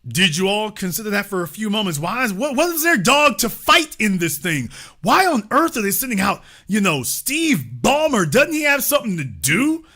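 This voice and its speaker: Commentary host, male, bright, forceful voice; emphatic, stretches key words, swears freely. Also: high voice, big pitch swings. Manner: emphatic, rhetorical questions, drawn-out stresses, swearing. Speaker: host of a political commentary show. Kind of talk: impassioned political commentary.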